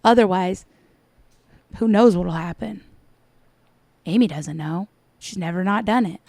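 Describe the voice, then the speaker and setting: A woman's voice: on the low side, unhurried, a little mellow, no room sound. A woman giving sarcastic, scolding reaction commentary over a cooking video. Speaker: commentator reacting to another vlogger.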